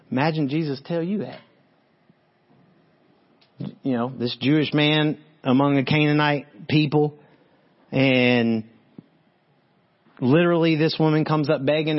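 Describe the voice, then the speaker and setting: Male preacher, lively, slightly high voice, lo-fi sound. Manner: animated, talks straight to listeners, reads verses then comments. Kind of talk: sermon on a Bible passage. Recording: dull lo-fi sound.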